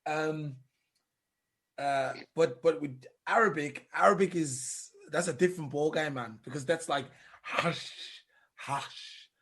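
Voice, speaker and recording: A man's voice: a little high, a little slow, creaky, fairly bright tone. A man co-hosting a podcast in casual chat, who explains at length and tries out foreign phrases. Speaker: podcast co-host.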